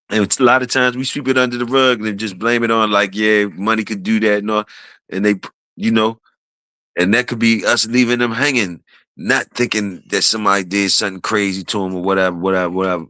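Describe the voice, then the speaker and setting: A man on a livestream, rambling in casual chat with profanity, often laughing and quoting others with animated, raised delivery. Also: lowish voice, a little fast, no echo, low-quality recording. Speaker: streamer host.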